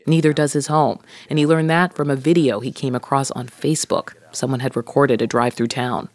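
News host, steady scripted read, mid pitch. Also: fairly quick.

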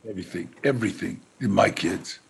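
An older man and actor, telling stories in a halting way, repeating words and turning lively when quoting others. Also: low voice, gravelly, husky. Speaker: actor, interview guest. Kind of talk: casual storytelling.

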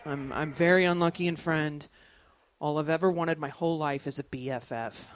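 Stand-up comedian, thirties, animated storyteller who acts out other voices. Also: medium pitch, normal speed, dry recording.

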